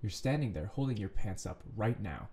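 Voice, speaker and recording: A man voicing a stern, protective young man who is firm and teasing, and who talks slowly and commandingly. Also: lowish voice, expressive, dark tone, slight background noise. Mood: scolding.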